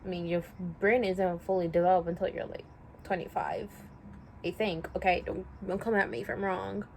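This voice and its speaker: A young woman talking to camera in a personal vlog, halting and full of fillers, close to tears. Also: fairly low pitch, fairly even intonation, creaky, a little mellow. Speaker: vlogger. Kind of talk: emotional personal vlog talk. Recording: faint background noise.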